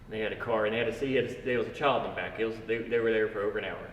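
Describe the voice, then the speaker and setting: A man, a firefighter, recalling a colleague in a soft, reflective way. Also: on the low side, steady tone, rapid-fire, lo-fi sound, a little hiss or hum. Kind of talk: casual storytelling. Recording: echoey hall, voice from far off.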